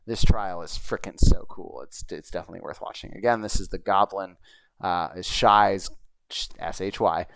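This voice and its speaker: A man's voice: deep voice, normal speed, gravelly, fairly bright tone, clear, resonant tone, no echo. A man hosting his own show, chatting casually over a video he plays, rambling and swearing now and then. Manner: rambling and chatty, with frequent fillers and profanity. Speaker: host.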